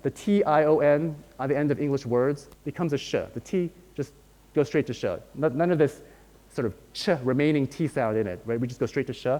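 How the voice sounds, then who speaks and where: In a reverberant lecture hall, a man with a fairly high, slightly mellow voice gives a university lecture. He explains step by step and regularly pauses to ask "right?"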